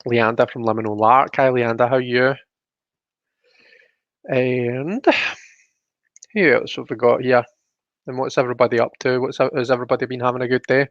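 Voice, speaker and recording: A man's voice: mid-range voice, steady tone, normal speed, pauses often, no room sound. A man hosting a casual live stream, chatty as he greets viewers by name and reads the chat aloud. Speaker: livestream host. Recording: dull, dry lo-fi stream audio.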